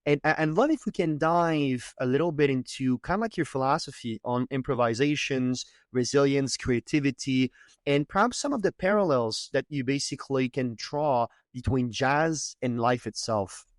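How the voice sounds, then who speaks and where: A male podcast host putting an interview question to his guest, halting and filling his pauses with "uh". His voice is mid-pitched and recorded dry and close. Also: expressive, no echo. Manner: halting, many "uh"s.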